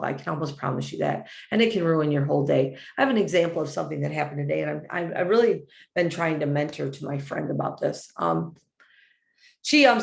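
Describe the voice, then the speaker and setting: A woman's voice: on the low side, gravelly, roomy sound. A woman giving a heartfelt, rambling motivational talk about finding yourself. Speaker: motivational speaker.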